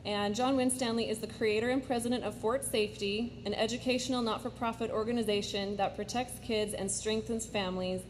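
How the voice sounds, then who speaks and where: A woman moderating an event in a high school auditorium, briskly reading the speaker introductions from a program. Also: fairly even intonation, slight background noise.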